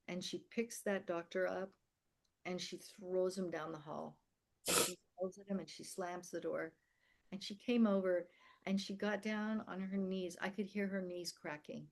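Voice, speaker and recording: Lady in her 60s telling her story on a podcast, lowish voice, acts out what people said. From America and the Philippines. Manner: vivid, emphatic storyteller who acts out quoted dialogue. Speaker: podcast guest. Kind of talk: candid personal storytelling.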